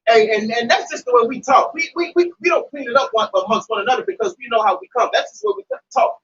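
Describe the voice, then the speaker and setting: A man talking scripture in a casual group, animated and emphatic, swearing freely. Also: very high voice, quick pace, faint music behind. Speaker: Hebrew Israelite member discussing scripture. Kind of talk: casual religious discussion. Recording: distant dull mic with faint noise.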